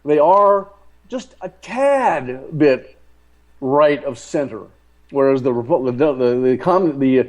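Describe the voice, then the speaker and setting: A man discussing politics as a talk show guest, halting and repeating words, then pressing his points hard. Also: mid-range voice, lively intonation, low-quality recording. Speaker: guest commentator.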